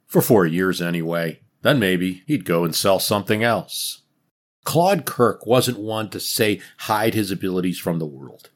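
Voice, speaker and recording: A man narrating a scripted history podcast as its host, dramatic and wry. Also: lowish voice. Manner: dramatic storytelling with wry asides.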